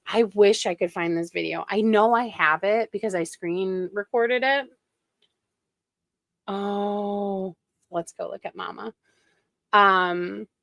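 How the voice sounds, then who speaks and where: A woman's voice: mid-range voice, vocal fry, a bit bright, no echo. A woman streamer giving snarky, gossipy commentary while reacting to videos.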